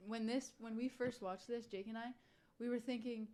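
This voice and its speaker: A woman's voice: fairly high pitch, fairly even intonation, normal speed, warm tone. A woman co-hosting a podcast, adding dry joking asides to the casual chat. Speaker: podcast co-host.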